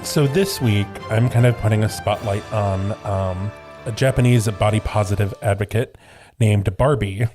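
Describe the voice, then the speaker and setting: A man co-hosting a podcast in casual chat, animated and giggly, speaking in quick bursts. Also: on the low side, over music. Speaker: podcast co-host.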